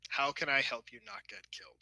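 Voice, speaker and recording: A man playing a starship officer in a tabletop role-play, speaking in a calm, measured way. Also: mid-range voice, no room sound, poor audio. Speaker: player voicing a starship officer.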